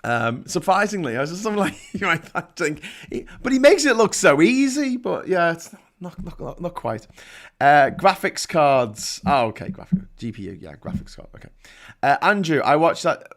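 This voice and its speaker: A man with a Scouse accent hosting a live call-in show, reading viewer comments and joking in a rambling, mock-outraged way. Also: mid-range voice. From Liverpool, England.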